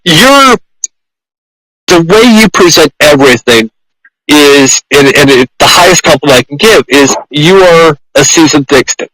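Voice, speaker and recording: A man hosting a podcast, speaking effusively and haltingly with many repeated words. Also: on the high side, expressive, fairly bright tone, no room sound, low-quality recording. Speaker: podcast host, pet groomer. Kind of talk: conversational interview.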